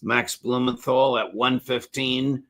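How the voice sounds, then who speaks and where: A man hosting a political interview show, speaking in a measured way with frequent pauses. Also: mid-range voice, level tone, fairly bright tone. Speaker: host.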